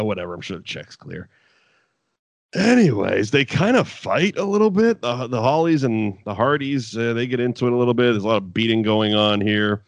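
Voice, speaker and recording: The recording is dry, and the man's voice sits on the low side. Co-hosting a relaxed podcast, he launches into a profane, laugh-filled wrestling story told with lots of energy.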